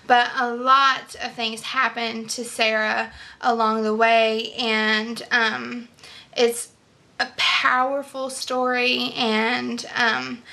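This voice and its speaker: A woman's voice: a little high, bright, forceful tone. A young woman vlogging casual, enthusiastic book reviews, chatty with many fillers and restarts.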